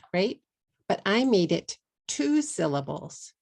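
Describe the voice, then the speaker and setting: Woman, Texan accent, middle-aged, gravelly, lowish voice, online English lesson. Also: animated, darkish tone. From Texas, USA. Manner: slow, deliberate explaining, slipping into Japanese at times. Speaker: English teacher.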